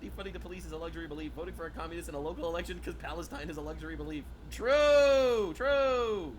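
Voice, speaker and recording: A man streaming a reaction to political clips, excitable and loud, with mocking outbursts and frequent laughter. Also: a little high, very fast, slight background noise.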